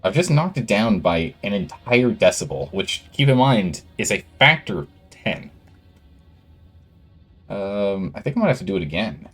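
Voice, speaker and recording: This game streamer chats casually with his audience but keeps getting sidetracked fixing the levels on his gain-controlled studio mic. He has a fairly low, sing-song voice that's a bit bright and moves at a normal speed, over soft background music.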